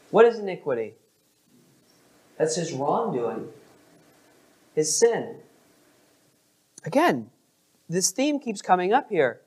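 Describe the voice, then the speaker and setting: A pastor preaching a sermon, asking the congregation questions and stressing words expressively. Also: medium pitch.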